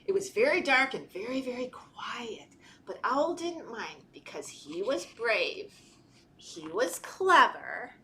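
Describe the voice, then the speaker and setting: A woman children's librarian reading a picture book aloud to toddlers, animated and playful, gasping and talking to the children. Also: a little high, measured pace. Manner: animated, talks to children, gasps and laughs. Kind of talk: storytime read-aloud. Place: library storytime video.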